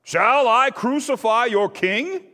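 A man's voice: extremely high pitch, lively intonation, slow pace, bright, forceful tone, voice pushed up, exaggerated voice. A man voicing an anxious Roman governor during a scripture reading, pleading and insistent. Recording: long church reverb.

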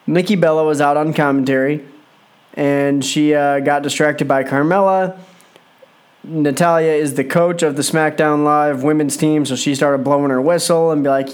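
Young man with a higher voice for an exasperated, rambling solo review of a show. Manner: exasperated, rambling, with frequent fillers. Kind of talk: casual solo commentary.

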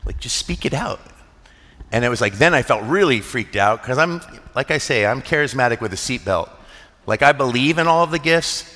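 A man's voice: medium pitch, pushed and bright. A middle-aged man preaching a sermon as a pastor, in an earnest, conversational storytelling manner with frequent restarts. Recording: long hall reverb.

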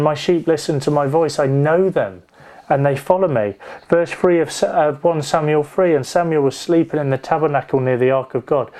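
A man's voice: medium pitch, a little mellow. Man preaching, easygoing and rambling with anecdotes, mid-range voice. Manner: conversational, digressive storytelling with restarts. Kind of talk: sermon with personal anecdote.

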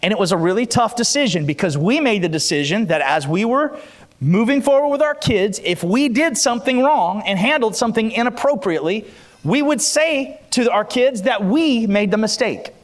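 High-voiced, animated preaching man. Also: normal speed. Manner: animated, storytelling, urging the crowd. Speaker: pastor. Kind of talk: sermon.

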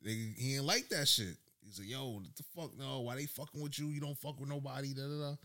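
A man hosting a casual chat, laid-back, often agreeing and dropping low when reflecting. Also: fast, pushed and bright. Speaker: host.

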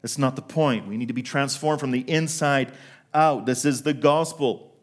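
A middle-aged man preaching a sermon to a congregation, telling a story from his own working life and slowing down to stress key words. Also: medium pitch. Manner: storytelling, asks the congregation questions, slows for emphasis. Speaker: pastor.

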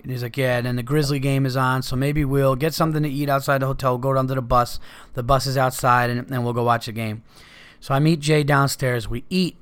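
A man swaps road stories in a loose, rambling way and drops profanity as he goes. His voice sits in an ordinary middle pitch, and he talks it through the way you'd tell a buddy what happened last night. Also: steady tone, brisk, fairly bright tone. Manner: rambling, profane, laid-back anecdotes. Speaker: podcast host. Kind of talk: casual storytelling.

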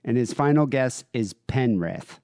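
A man in casual podcast chat, reading out listener emails. His pitch rises and falls a lot as he reads, at an ordinary middle height. The sound is close and dry, with no room around him. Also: measured pace, dry recording. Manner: reads emails aloud with lively, shifting delivery. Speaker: podcast co-host.

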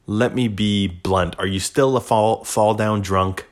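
A man's voice: fairly low pitch, steady tone, measured pace, lightly acted. A man putting on a stern older male baseball commissioner with a blunt, stiff delivery.

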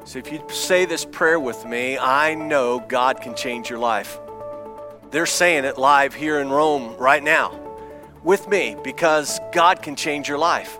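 A man preaching an impassioned evangelistic sermon as a pastor in a church, swinging between shouts and hushed near-whispers. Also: medium pitch, slow, over music.

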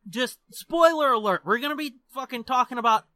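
A young adult man co-hosting a podcast in casual chat, loud, profane and joking. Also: extremely high pitch, lively intonation, fairly quick, no room sound. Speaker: podcast co-host.

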